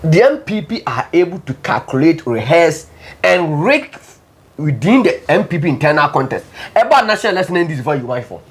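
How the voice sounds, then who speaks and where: A man's voice: fairly high pitch, sing-song, fairly quick. A man with a Ghanaian English accent, leading a political talk show discussion and pressing his guest with questions, switching between English and Twi.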